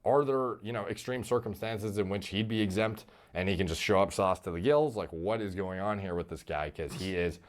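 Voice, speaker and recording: A man's voice: low-pitched, fairly quick, hardly any pauses. A man giving casual, profane commentary about a fighter's physique in a video played on stream.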